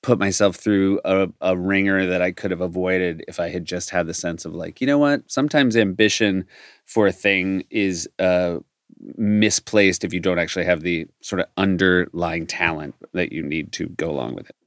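Middle-aged male guest, low voice, rambling self-deprecating chatter, dry sound. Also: steady tone, moderate pace, no room sound. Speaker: guest, comedy writer. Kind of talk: casual interview chat.

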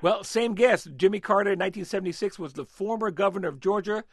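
A man's voice: high voice, quick pace, no echo, clean studio sound. A man talking politics as an analyst on a radio talk show, hesitant with many fillers and restarts.

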